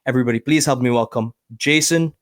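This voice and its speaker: A man's voice: mid-range voice, fast, slight background noise. A man hosting a podcast who gives an upbeat, friendly introduction and then interviews his guest. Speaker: podcast host.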